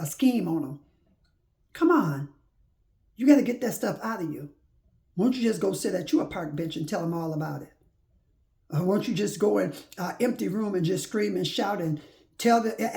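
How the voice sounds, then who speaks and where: Woman, gravelly and mellow, informal faith preacher who hammers home rhetorical questions. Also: medium pitch. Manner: exhorting, repeats rhetorical questions; folksy spoken phrasing. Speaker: faith-based motivational speaker.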